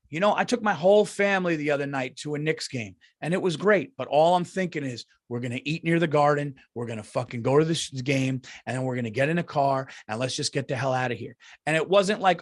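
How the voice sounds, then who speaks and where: A man's voice: a little high, fairly quick. Heated New man ranting. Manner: heated, profane, repetitive ranting. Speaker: podcast host. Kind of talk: casual comedy podcast rant.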